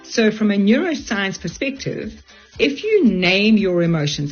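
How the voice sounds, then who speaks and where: A woman's voice: medium pitch, big pitch swings, a little slow. An older woman from South Africa, a guest on a radio show, giving earnest, direct advice. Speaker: resilience speaker, radio guest. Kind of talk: radio interview, advice talk. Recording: dull lo-fi radio audio, faint music.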